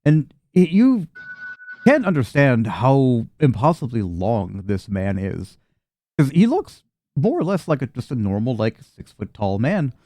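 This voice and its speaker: A man's voice: medium pitch, very animated, a little slow, dark tone, no echo. Laughing, chatty male game master. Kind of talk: narrating a tabletop game.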